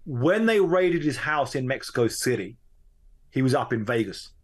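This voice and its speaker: A journalist guest, male, tells a story during a conversational interview in a very animated, mid-range voice with a breathy edge. He speeds up in quick bursts, then slows into drawn-out stretches.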